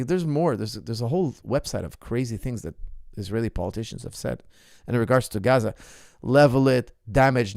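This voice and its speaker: Gravelly man ranting passionately. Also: medium pitch, a little mellow, dry recording, clean studio sound. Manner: impassioned, argumentative, rhetorical questions to viewers. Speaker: martial arts coach and show host. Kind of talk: ask-me-anything livestream monologue.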